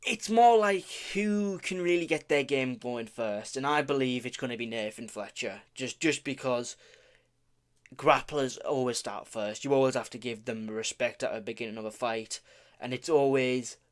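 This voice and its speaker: A man's voice: mid-range voice, steady tone, moderate pace. A man casually talking through fight predictions, rambling, correcting himself, and tripping over names with offhand swearing and humor. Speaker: vlogger making fight predictions.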